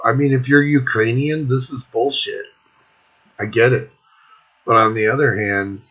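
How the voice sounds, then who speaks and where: Middle-aged man, husky, swearing nonstop, casual irritated rant, muffled lo-fi sound. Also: fairly low pitch, pushed and bright. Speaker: music vlogger. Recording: dull lo-fi recording.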